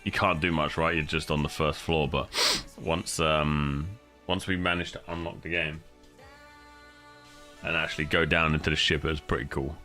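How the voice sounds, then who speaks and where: A man with a low, deep voice chatting loosely to his stream, tired and rough and rambling as he swears casually. Faint music plays behind him. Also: level tone, moderate pace, pushed and bright. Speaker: livestream host.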